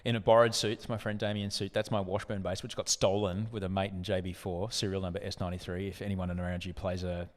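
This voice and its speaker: An Australian man in his forties, a broadcaster guest telling animated, profane stories in a casual interview. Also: sits low, fast, hardly any pauses. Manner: animated, profane, acts out other people in anecdotes. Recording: echoey room with long reverb.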